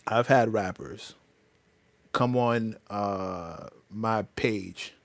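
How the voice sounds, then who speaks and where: A livestream host and rapper rants emphatically about entitlement on his own stream, heated and constantly restarting his words. His voice sits on the low side, with no echo in the recording.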